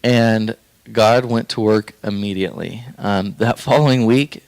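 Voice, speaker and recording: A young man recounts a turning point in his life in a casual, heartfelt way. His voice sits low and sounds smooth and clear. He wanders through fillers and restarts, and the sound is dry and close with no room around it. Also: a little slow, darkish tone, no room sound. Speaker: podcast guest sharing his faith story. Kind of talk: casual personal storytelling.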